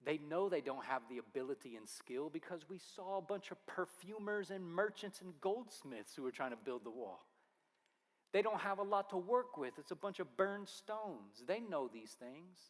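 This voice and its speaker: A man's voice: on the high side, big pitch swings, moderate pace. A man preaching a sermon as pastor, earnest and firing off rhetorical questions. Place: church sanctuary. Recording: long reverb of a church hall.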